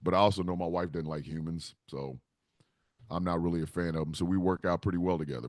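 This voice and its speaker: A man delivering a rambling, profane comedy rant with animated storytelling. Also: sits low, dry recording, studio quality.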